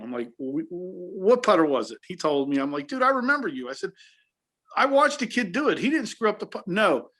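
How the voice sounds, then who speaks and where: High-voiced profane storytelling man. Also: very animated, a little fast, a bit bright. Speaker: guest, retail worker. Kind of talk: casual podcast chat. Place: remote call.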